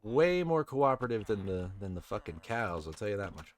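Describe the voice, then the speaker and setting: A man giving relaxed, casual commentary while playing a video game, chatting to the game characters and swearing now and then. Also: fairly low pitch, a little fast. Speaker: let's play host.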